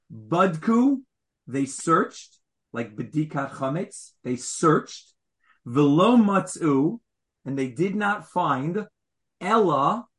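Male teacher giving a Torah class; slightly high voice; explains Hebrew wording and quizzes the room.

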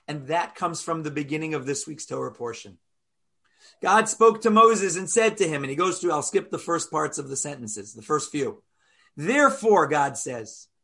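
A man teaching a weekly Torah class over a video call, telling stories and acting out quotes with lively jumps in his voice. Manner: animated storyteller, acts out quotes with big pitch jumps.

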